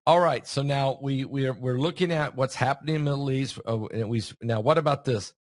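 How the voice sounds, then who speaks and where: A man's voice: mid-range voice, brisk, dry recording. A man hosting a casual conversation, chatty and asking leading questions. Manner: chatty, asks leading questions, many fillers. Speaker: host and preacher.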